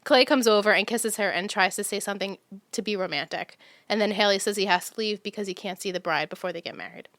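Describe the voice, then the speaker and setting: A woman's voice: mid-range voice, fast, fairly bright tone, no echo. A woman co-hosting a podcast in casual chat, chatty and laughing often as she reads out her own notes. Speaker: podcast co-host. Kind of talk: casual chat about a TV show.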